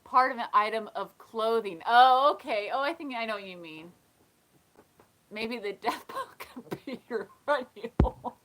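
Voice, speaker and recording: A woman's voice: fairly high pitch, moderate pace, a bit bright, a little hiss or hum, rough recording. A woman hosting a casual live chat, talking in a chatty way, often laughing and reading comments aloud. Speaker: live stream host.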